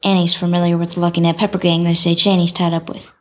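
A woman's voice: fairly low pitch, level tone, fast, lightly acted. An actress playing a stubborn young girl set on justice, speaking bluntly in formal, old-fashioned sentences. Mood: determined. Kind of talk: film dialogue.

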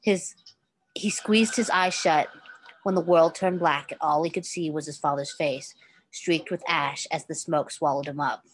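A woman with a somewhat low voice reads a story aloud. Her delivery is casual and unpolished, with the odd stumble and quick self-correction as she goes. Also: fairly even intonation. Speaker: reader.

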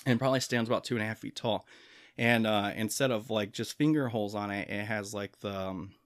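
A man's voice: fairly low pitch, brisk, no room sound, studio quality. A man chatting casually as a guest, rambling with lots of fillers and laughing easily. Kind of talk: casual chat.

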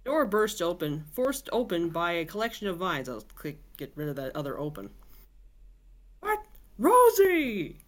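A woman's voice: fairly low pitch, lively intonation, fairly quick, few pauses. A woman podcast host reading a novel aloud, with chatty asides and filler words. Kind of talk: casual storybook reading.

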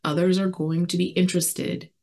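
A woman's voice: fairly low pitch, little pitch movement, warm tone. Earnest woman sharing about recovery. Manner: earnest, reflective, halting with many fillers. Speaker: recovery community speaker. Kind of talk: personal recovery share.

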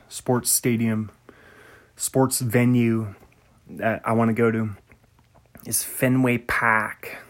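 A man hosting a podcast in casual chat, rambling and musing aloud, often trailing off mid-sentence. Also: mid-range voice. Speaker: podcast host.

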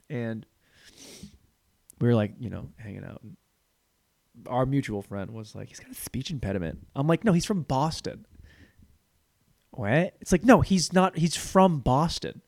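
A man's voice: medium pitch, no room sound. A man hosting a podcast, rambling crudely through a comedic monologue, with cluttered speech where his words tumble together, laughing at his own jokes. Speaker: podcast host. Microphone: studio mic on a stand.

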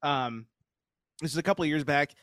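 High lively guy cohosting a podcast, swears a lot, laughs thru his stories, dry sound. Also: brisk, dry recording. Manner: profane storyteller, laughs often. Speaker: podcast co-host. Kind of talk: casual chat.

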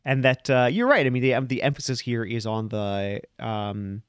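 Man, podcast co-host, casual chat, hesitant, mid pitch, dry sound. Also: moderate pace, clear, resonant tone, dry recording. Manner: hesitant, lots of fillers and restarts.

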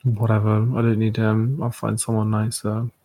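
A man's voice: fairly low pitch, monotone, normal speed, over music. Snippy sarcastic young man hosting. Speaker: podcast host. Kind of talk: comedic scripted podcast sketch.

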